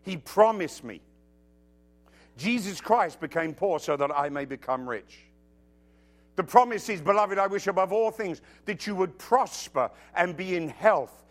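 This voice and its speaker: A man preaching a sermon, emphatic and quoting scripture, who drops to a hush and then rises into loud bursts, with humorous asides. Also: sits high.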